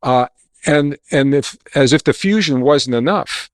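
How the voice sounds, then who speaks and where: A man's voice: medium pitch, unhurried, no room sound, clean studio sound. A man being interviewed as a guest, confidently telling a story and then explaining his views. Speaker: guest author.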